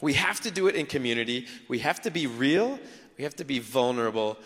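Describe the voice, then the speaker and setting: A man, a pastor, preaching a sermon in a conversational, animated way with acted asides. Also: mid-range voice, fairly quick, vocal fry, long reverb tail.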